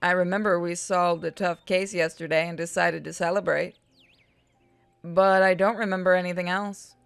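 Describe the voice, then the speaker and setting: A woman's voice: lowish voice, steady tone, normal speed, vocal fry, clear, resonant tone, no room sound, faint music behind. A woman reading and narrating a game aloud, with joking, swearing, self-mocking asides.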